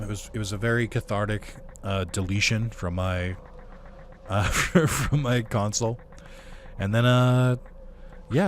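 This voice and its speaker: A man's voice: on the low side, slight background noise. A man giving casual gaming commentary, rambling and laid-back with lots of fillers and some swearing. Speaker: let's play commentator.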